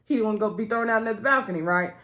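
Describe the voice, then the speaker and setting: Talking very fast in a mid-range, slightly bright voice, a woman reviews a TV episode casually. She calls her audience y'all, performs the characters' lines while retelling the plot, and sounds a little stuffy from a runny nose.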